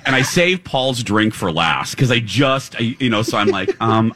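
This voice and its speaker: A man's voice: lowish voice, lively intonation, normal speed, hardly any pauses, pushed and bright. A man hosting live morning radio, telling a joking story and laughing often. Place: live broadcast from a theater stage.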